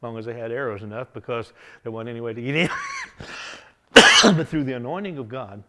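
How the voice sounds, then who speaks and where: A man preaching a revival sermon, telling a Bible story in a folksy, animated way, often chuckling. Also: medium pitch, a little fast.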